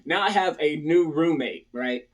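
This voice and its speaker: A man's voice: a little high, lively intonation, unhurried. A man casually telling viewers a story from his past, often asking "right?" and acting out other people's lines. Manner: talks to viewers, repeatedly tags lines with "right?".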